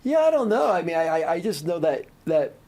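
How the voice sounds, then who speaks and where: A man hosting a podcast interview, asking questions in a halting way with frequent restarts. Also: a little high, big pitch swings, darkish tone. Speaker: podcast host.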